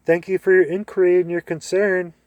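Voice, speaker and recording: A man's voice: high-pitched, lively intonation, unhurried, a little mellow, dry recording, pitched above the performer's own voice. A man voicing a joking teenage boy who hams up servile whimpers and mock courtesy in a story reading. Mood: mock polite. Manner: theatrical, exaggerated courtesy.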